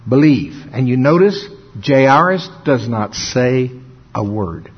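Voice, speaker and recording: A man preaching a folksy sermon, often laughing and slowing down for dramatic emphasis. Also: mid-range voice, slightly rough. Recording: dull lo-fi sound.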